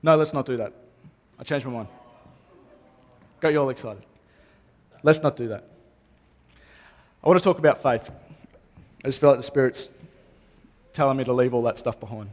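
A man's voice: medium pitch, normal speed, long pauses. A man, a pastor, preaching a sermon earnestly and repeating key phrases for emphasis. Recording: long reverb of a hall.

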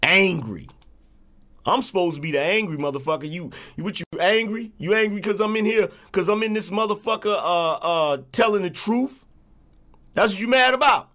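A man's voice: sits high, moderate pace, pushed and bright. A man hosting a livestream, ranting at viewers in a profane, repetitive, confrontational way. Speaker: livestream host. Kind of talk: angry livestream rant.

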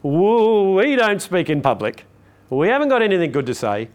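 Man doing a fretful, high inner worrier voice, panicky, anxious. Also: very animated, normal speed, clear, resonant tone. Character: anxious fearful inner voice, timid self-doubter.

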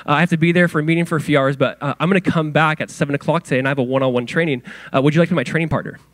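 A man in his thirties preaching with a high, light voice, recorded dry and close with no room sound. He talks in a loose, excitable way, full of slang and "like," and tells stories as he goes. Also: rapid-fire, dry recording. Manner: casual, excitable storytelling with many "like"s. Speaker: pastor. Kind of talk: sermon.

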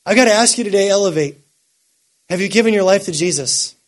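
A man preaching a sermon, swinging from quiet, measured lines up to impassioned shouting. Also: high voice. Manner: builds to impassioned shouting, then drops quiet.

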